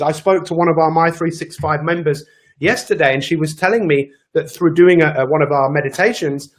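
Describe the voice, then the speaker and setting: A man's voice: a little high, brisk. A man giving an emphatic motivational daily talk as a coach, repeating his key phrases.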